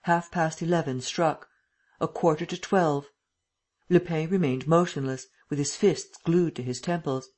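A reader narrates a classic adventure novel at a steady, measured pace. The voice has a husky, slightly breathy grain and sits at a middle pitch. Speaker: audiobook narrator. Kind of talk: scripted audiobook narration.

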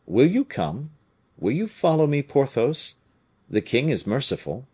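A man reading a novel aloud, voicing a bold, shrewd male musketeer captain with a commanding, brisk manner and a lively lilt. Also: mid-range voice, husky, pitched above the performer's own voice.

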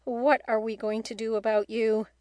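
A gentle, concerned middle-aged mother and aunt who speaks with soft care, as a woman reads her in an audiobook. The voice is fairly high and the recording is dry and close. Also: level tone, normal speed, no echo, lightly acted. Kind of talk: audiobook reading.

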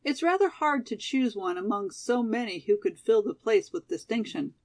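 Brief: talkative sophomore girl, coaxing and chatty, as a woman reader puts her on, a little fry. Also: a little high, lively intonation, moderate pace, a little mellow, dry recording. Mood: persuading. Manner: persuasive, chatty.

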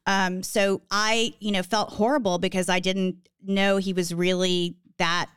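A candid, talkative woman in her fifties with a smooth, resonant voice. She tells her stories freely and laughs easily, and her voice sits dry and close to the mic. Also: medium pitch, level tone, a little slow, no room sound. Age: 50s. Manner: candid, chatty, laughs often. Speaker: podcast guest. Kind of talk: casual chat.

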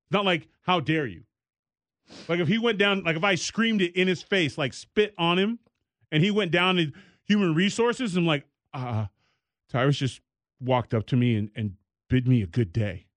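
A man co-hosting a casual talk show, telling stories in an animated way and slipping into high mock voices. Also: moderate pace, no room sound. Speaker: podcast co-host. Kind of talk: casual chat.

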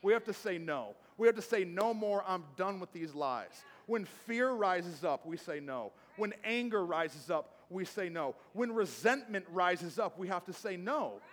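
A man's voice: high voice, expressive, unhurried, few pauses. Guy preaching a sermon from the pulpit, keeps repeating lines hard and calling out to the church, big echoey hall. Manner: emphatic, repetitive preaching with audience call-outs. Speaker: pastor. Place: church sanctuary, speaking from the pulpit. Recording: long reverb of a church hall.

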